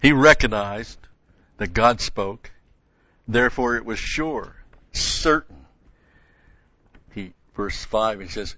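A man's voice: lowish voice, slow pace, pauses often, pushed and bright, dry recording, lo-fi sound. A man preaching a sermon who reads scripture aloud with rising emphasis, then explains it in plain asides.

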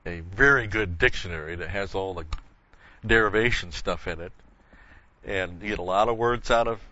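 An older man teaches a Bible study lecture in a low-pitched, pushed, bright voice at a moderate pace. He explains word meanings and drifts into folksy, digressive stories punctuated by chuckles, all on a muffled lo-fi recording.

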